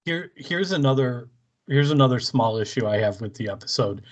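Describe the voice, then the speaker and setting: A man's voice: mid-range voice, lively intonation, moderate pace. A man co-hosting a podcast, chatting casually and tossing in dry, crude wisecracks. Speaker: podcast co-host.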